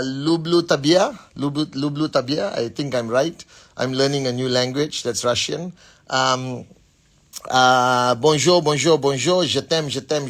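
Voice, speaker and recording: A man's voice: a little high, a bit bright. A middle-aged man hosting a casual live stream, greeting viewers by name in an upbeat way. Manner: upbeat, reads viewer names aloud and greets them. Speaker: livestream host. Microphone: phone.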